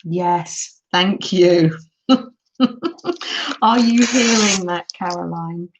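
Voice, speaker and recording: A woman's voice: fairly low pitch, very slow. An older woman hosting a craft livestream, chatting affectionately with viewers and reading out comments in a gushing, exclamatory way. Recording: dull, lo-fi stream audio with faint noise.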